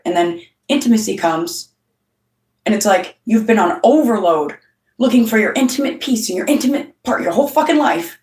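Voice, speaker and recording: A woman's voice: mid-range voice, animated, moderate pace, darkish tone. Blunt middle-aged lady host, swears constantly, acts out what people said, roomy far-off sound. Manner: blunt, heavy swearing, storytelling with quoted voices. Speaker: channel host. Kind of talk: casual monologue to camera.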